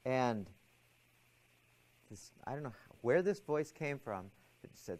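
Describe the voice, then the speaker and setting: A man lecturing a class, telling a personal story and acting out his anxious thoughts and a calm inner voice. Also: lowish voice, slow, long pauses, rough recording.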